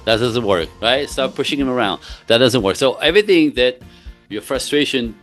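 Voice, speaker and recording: A man's voice: medium pitch, animated, normal speed, fairly bright tone, soft background music. A man speaking as a relationship coach in casual podcast talk, earnest and emphatic, often laughing between points.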